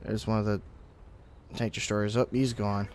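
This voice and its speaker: A young man giving casual, explanatory commentary over his own gameplay, breaking into sudden excited outbursts now and then. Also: on the low side, moderate pace. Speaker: gaming commentator.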